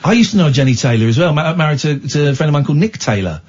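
Giggly, animated English radio host man. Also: a little high, very fast, breathy edge, muffled recording. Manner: animated, giggly, self-mocking. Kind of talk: late-night radio chat.

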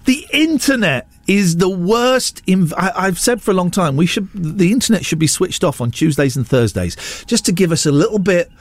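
Man, radio host, high-pitched, lively swings in pitch, dry studio sound, ranting and joking. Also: normal speed, few pauses, no room sound. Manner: animated, ranting, self-mocking. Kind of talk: casual radio chat.

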